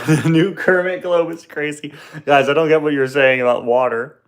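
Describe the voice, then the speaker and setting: A man's voice: a little high, fairly even intonation, moderate pace, clear, resonant tone. A young man hosting a casual live question-and-answer stream from home, joking and tripping over his words, talking into a phone on a tripod. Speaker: livestream host.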